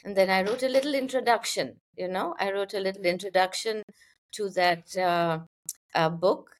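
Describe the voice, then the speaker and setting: A woman poet who is a guest on a podcast. She answers questions thoughtfully, pausing often, and also reads her own poetry aloud. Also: medium pitch. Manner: thoughtful, gentle, pauses with fillers. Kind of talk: interview answers and poetry reading.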